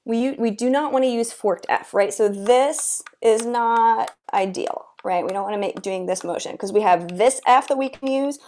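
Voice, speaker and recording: A woman's voice: a little high, darkish tone. A woman teaching an oboe masterclass, chatty and encouraging, singing rhythms aloud as she explains. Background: oboe playing.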